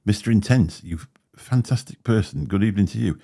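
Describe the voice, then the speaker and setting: A man's voice: fairly low pitch, a little fast, creaky, mellow, husky. A man hosting a livestream, chatting in a rambling way with a slight lisp and frequent laughs. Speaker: livestream host. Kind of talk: casual chat. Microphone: desk microphone.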